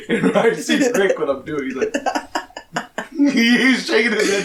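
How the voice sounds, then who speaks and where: A man's voice: a little high, expressive, a little slow, reverberant, recorded from a distance, a little hiss or hum, low-quality recording. A young man co-hosting a podcast, telling a story in casual chat, laughing often and swearing a lot. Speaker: podcast co-host.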